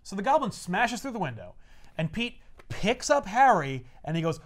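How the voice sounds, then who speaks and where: A man co-hosting a podcast, recapping a story in an animated, joking way. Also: high voice, normal speed. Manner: animated, joking, laughs often.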